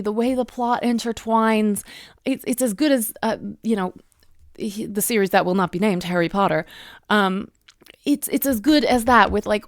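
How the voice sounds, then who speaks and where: A woman's voice: fairly high pitch, no room sound, clean studio sound. A young woman giving a casual, effusive book review at home, chatting with many fillers and restarts. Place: home room with bookshelves.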